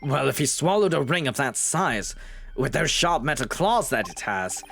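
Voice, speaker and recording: A man's voice: mid-range voice, lively intonation, moderate pace, creaky, a bit bright. A man streaming a courtroom game, reading the lines aloud and cutting in with sweary, self-mocking asides.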